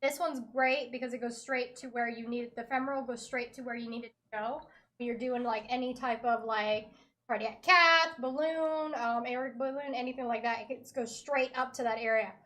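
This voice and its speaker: High-voiced woman explaining hospital care. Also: fairly even intonation, normal speed, sharp tone. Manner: patient, explanatory, uses medical terms. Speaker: guest explaining hospital procedures. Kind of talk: casual chat.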